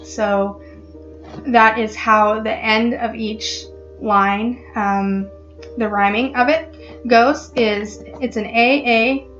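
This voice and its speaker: A woman vlogger explaining a poem in a casual, halting way, with many ums and restarts. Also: on the high side, fairly even intonation, fairly bright tone, lo-fi sound, faint music behind. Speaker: literary vlogger.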